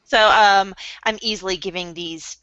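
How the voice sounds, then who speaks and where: Bright-voiced joking woman co-host. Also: mid-range voice, fairly even intonation, moderate pace, clean tone, dry recording. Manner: joking, sarcastic, playful. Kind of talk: casual chat. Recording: dull lo-fi sound.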